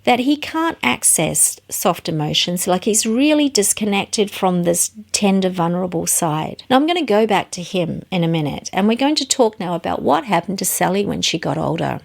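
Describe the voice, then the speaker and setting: A woman's voice: sing-song, normal speed, gravelly, few pauses. Earnest woman teaching through stories. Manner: earnest storytelling, varies pitch for emphasis. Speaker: psychology teacher.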